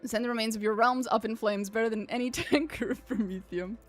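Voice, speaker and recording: A woman's voice: fairly high pitch, steady tone, fairly quick, faint music behind. A woman streamer chatting casually and jokily with her chat while playing a game. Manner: chatty, joking, laughs often. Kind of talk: casual livestream commentary.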